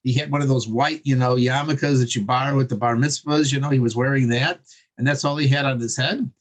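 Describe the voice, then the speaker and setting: A man telling a religious story in an earnest, conversational way with many pauses. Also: medium pitch, fairly even intonation.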